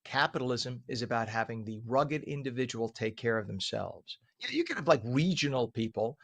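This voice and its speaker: A man's voice: mid-range voice, big pitch swings, moderate pace, vocal fry, no room sound. Opinionated American man hosting morning talk radio. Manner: opinionated, explaining to listeners. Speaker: radio talk show host.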